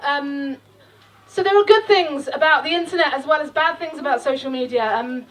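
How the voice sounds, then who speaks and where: A woman's voice: high voice, normal speed, fairly bright tone, far from the mic, low-quality recording. A middle-aged woman performing her poetry live, with a rhythmic, impassioned delivery and chanted refrains. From England. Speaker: performance poet. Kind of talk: live spoken-word poetry. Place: outdoor festival stage.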